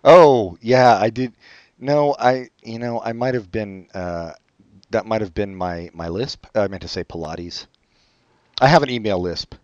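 A man co-hosting a podcast in casual chat, joking in a sarcastic, deadpan way. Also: on the low side, a little slow, dry recording, highs cut off. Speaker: podcast co-host.

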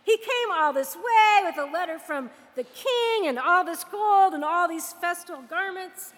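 A woman's voice: very high voice, animated, measured pace, pushed and bright, in a large hall, full character voice. A woman voicing a proud, indignant male army general in a retold scripture story. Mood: outraged. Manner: indignant, ranting.

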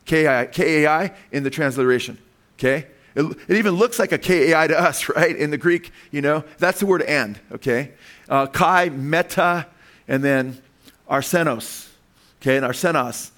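A man preaching a sermon to his congregation, pausing to ask questions and walk them through slides word by word, with frequent "okay" and "right". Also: a little high, fairly bright tone. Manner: emphatic, asks the congregation questions. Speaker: pastor.

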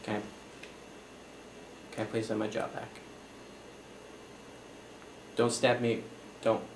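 A man's voice: lowish voice, monotone, takes it slowly, gravelly, background noise. Flustered apologetic man in echoey room. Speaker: comedy performer as accountant. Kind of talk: one-sided improvised comedy scene.

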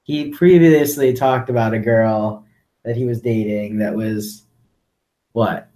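A man's voice: fairly low pitch, fairly even intonation, takes it slowly, dark tone. A man co-hosting a podcast, asking hesitant questions. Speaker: podcast co-host. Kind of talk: casual chat.

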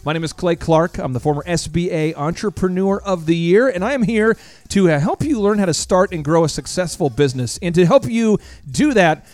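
A man hosts a talk radio show with enthusiastic, joking energy and quick back-and-forth banter. His voice sits high for a man. It comes through a dry, close studio microphone. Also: animated, a little mellow, no room sound.

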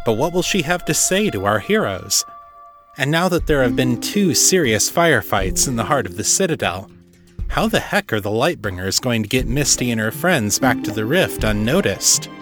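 A man narrating his own story as author and podcast host, with steady, plain storytelling. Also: medium pitch, moderate pace, music in the background. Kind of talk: audiobook narration.

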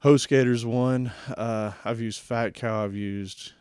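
A man's voice: mid-range voice, fairly even intonation, takes it slowly, a little mellow, clean tone, no room sound, clean studio sound. A man co-hosting a casual tech podcast, easygoing and rambling. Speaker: podcast co-host.

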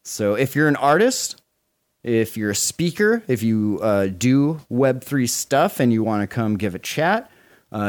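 A man in his forties co-hosting a podcast, chatting casually, excited and swearing a lot. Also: mid-range voice. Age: 40s. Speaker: podcast co-host.

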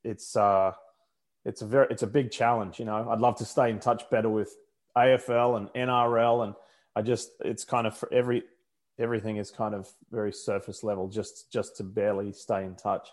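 Deep-voiced Australian man chatting. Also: little pitch movement, brisk. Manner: rambling, self-correcting, chuckling. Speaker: motorsport commentator. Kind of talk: casual chat.

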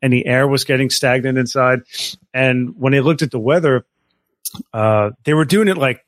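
A man with a mid-range voice tells a story on a casual podcast. He talks in a lively, excited way, swears freely and often restarts his sentences. The sound is dry and close, with no room sound. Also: mid-range voice, moderate pace, no echo. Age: adult, married. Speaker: podcast co-host. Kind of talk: casual chat.

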